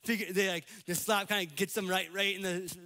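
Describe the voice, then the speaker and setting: An American man preaching a sermon in church, animated, acting out the voices he quotes. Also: high-pitched, a little fast, noisy background. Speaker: pastor. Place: church sanctuary.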